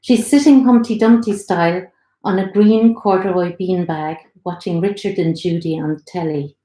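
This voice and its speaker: A woman author reads her own short story aloud during a live online event, in a friendly, steady narrating voice. Her tone is mellow and soft, and the indoor room adds a roomy echo. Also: lowish voice, normal speed. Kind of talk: live literary reading.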